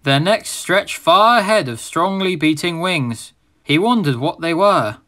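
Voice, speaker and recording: A man reading a children's storybook aloud as narrator, in a steady, expressive manner. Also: fairly high pitch, unhurried.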